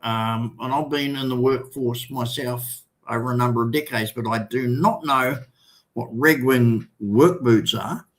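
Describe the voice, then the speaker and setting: An older Australian man hosting a livestream, chatting casually and reading out viewer comments in a rambling, halting way with many restarts. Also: medium pitch. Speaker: livestream host.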